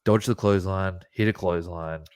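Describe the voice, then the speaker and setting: A man's voice: low-pitched, fairly even intonation, a little fast, darkish tone, clear, resonant tone, dry recording, clean studio sound. A man co-hosting a podcast, recapping a wrestling match move by move and laughing often. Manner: play-by-play recap with frequent laughs. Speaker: podcast co-host.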